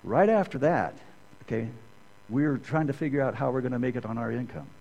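A man's voice: medium pitch, fairly quick, gravelly, a little mellow, highs cut off. Conversational middle-aged man preaching. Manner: conversational, checks in with "okay?" often. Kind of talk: sermon.

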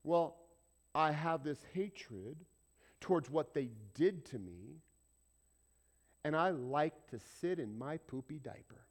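A man preaching to his church with a fairly high voice. He talks to the congregation like a conversation, tossing them questions, then swings from loud, pressing lines to hushed near-whispers. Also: animated, slow pace, pauses often. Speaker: pastor. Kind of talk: sermon.

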